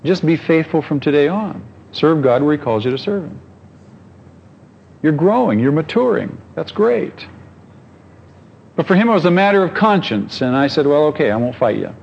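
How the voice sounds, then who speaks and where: Male pastor preaching, kinda high voice, chatty w questions, muffled church tape w low hum. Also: animated, moderate pace, gravelly, pauses often. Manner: conversational preaching with rhetorical questions and asides. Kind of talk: sermon.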